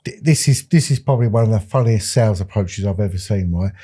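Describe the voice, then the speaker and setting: A man's voice: fairly low pitch, fast, husky. A man on a podcast telling a funny anecdote, acting out the voices. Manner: lively storyteller, acts out voices. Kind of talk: casual anecdote.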